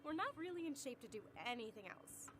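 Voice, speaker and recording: A woman's voice: high voice, animated, fast, a bit bright, slight background noise. Woman voicing a teasing young detective woman. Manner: playful, teasing. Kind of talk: voice acting a visual novel.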